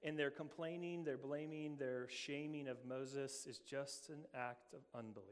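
A man's voice: mid-range voice, steady tone, moderate pace, big-room sound. A middle-aged man preaching a sermon as pastor, earnest, asking many rhetorical questions and often repeating words.

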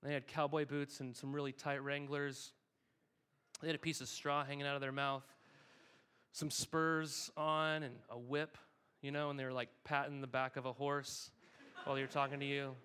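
A man's voice: medium pitch, flat delivery, normal speed, bright, forceful tone, smooth. A young man preaching a sermon in a conversational way, asking his listeners questions and repeating key phrases for emphasis. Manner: asks the congregation questions and answers them himself. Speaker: pastor.

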